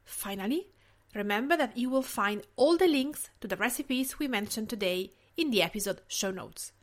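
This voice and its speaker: A woman from Tuscany with an Italian accent, reading her cooking podcast in a gentle, measured way. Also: fairly high pitch, lively intonation. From Tuscany, Italy. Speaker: podcast host. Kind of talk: scripted podcast narration.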